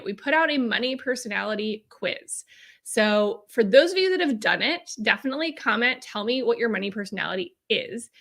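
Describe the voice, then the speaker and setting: A bright, fairly high-voiced woman hosts a casual live stream, upbeat and chatty as she greets her viewers. Her voice is a little hoarse, with some throat clearing between phrases. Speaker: host, accountant and profit strategist.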